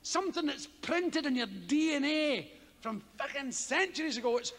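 A Scottish man doing stand-up comedy, telling a story with heavy swearing and loud yelped sound effects. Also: extremely high pitch, normal speed. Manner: animated, profane, loud vocal sound effects. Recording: live hall with audience ambience.

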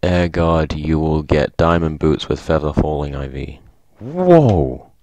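A man hosting casual gameplay commentary, excitable, reading in-game signs aloud and laughing often. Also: very deep voice, slow, no room sound. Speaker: gaming video host.

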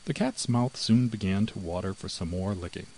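A man narrating a fairy tale in an expressive, measured storybook reading. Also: low-pitched, slight background noise, low-quality recording. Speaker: audiobook narrator.

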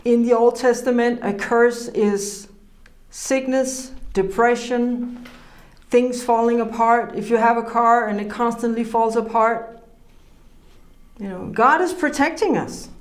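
A woman gives an informal sermon in a chatty, earnest way, often breaking into a laugh. Her voice sits a little high. The room around her adds a noticeable echo. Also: a little slow. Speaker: preacher. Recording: roomy echo.

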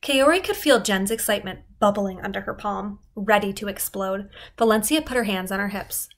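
Woman reader, mid pitch, expressive steady narration of a novel. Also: moderate pace. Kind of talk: reading a novel aloud.

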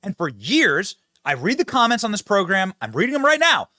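A man's voice: high voice, huge pitch swings, pushed and bright, dry recording, studio quality. A man hosting a political commentary show, talking emphatically and straight to his audience. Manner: emphatic, fast-talking, addresses audience directly.

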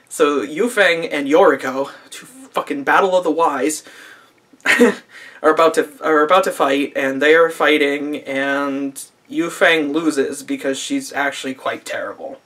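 A man's voice: a little high, measured pace, fairly bright tone. A man recapping an anime episode in a casual video review, sarcastic and profane, laughing often, recorded on a camera mic.

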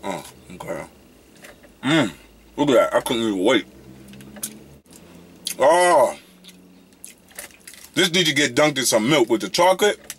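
A young man casually reviewing snacks in a vlog, excitable and slangy, breaking into loud whoops. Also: medium pitch, measured pace, long pauses, a little hiss or hum.

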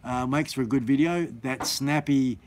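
A man's voice: mid-range voice, normal speed, slight background noise. A man hosting a live stream in a casual, rambling, enthusiastic way, full of fillers and restarts.

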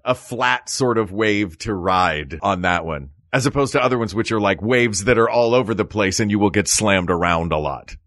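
A young man co-hosting a casual comedy podcast, chatting in an animated way with quick jokes and asides. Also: fairly low pitch, no echo, clean studio sound. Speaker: podcast co-host and actor.

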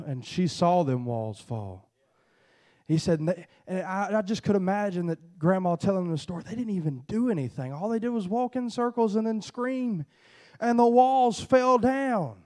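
A man preaching a sermon in an animated, storytelling way, acting out dialogue from the story. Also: on the high side.

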